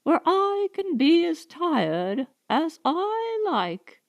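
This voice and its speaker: A woman's voice: very high voice, sing-song, drawn-out words, voice pushed up, heavily acted. A woman reading aloud, voicing a tired, stern older mother-in-law in a raised, strained voice. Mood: weary.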